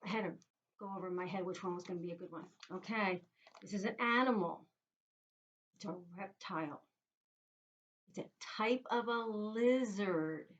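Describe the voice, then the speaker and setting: A woman, a teacher leading young children through a phonics lesson in a sing-song, animated way, sounding out letter sounds. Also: medium pitch, moderate pace, pauses often, lo-fi sound. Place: inside a small tent.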